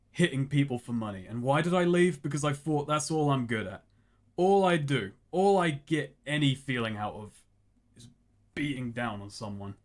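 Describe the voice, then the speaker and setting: Guy doing a tired gruff brawler dude, mid-pitch, flat and sweary, in-character tabletop rp. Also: close to an everyday voice. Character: gruff, withdrawn man, a former village brawler. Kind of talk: in-character tabletop role-play.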